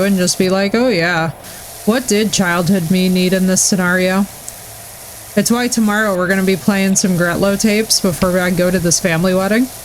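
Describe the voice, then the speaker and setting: Gushing, excitable woman streamer. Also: mid-range voice, a little hiss or hum, poor audio. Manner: gushing, effusive and excitable, talking to chat. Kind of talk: casual live-stream chat.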